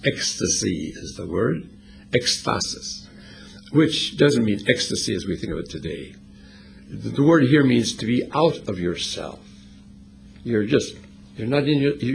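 Gravelly, animated male preacher. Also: medium pitch. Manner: expository preaching with lively, animated delivery. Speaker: pastor. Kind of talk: sermon.

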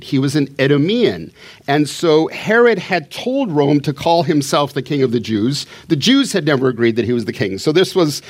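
A man preaching a sermon, teaching a Bible passage in a conversational way and paraphrasing the dialogue as he goes. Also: a little high.

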